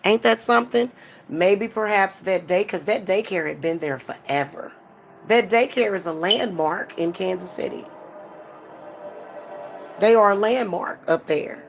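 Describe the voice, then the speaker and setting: A woman's voice: medium pitch, unhurried, gravelly, faint music behind. A middle-aged woman, talking frankly and casually to her viewers, with many restarts and fillers. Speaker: spiritual advisor and channel host.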